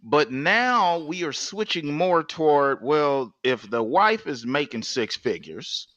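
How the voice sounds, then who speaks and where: A man co-hosting a podcast, chatting casually and telling animated, joking stories in slangy speech. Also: on the high side, slow pace, dry recording, highs cut off. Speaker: co-host.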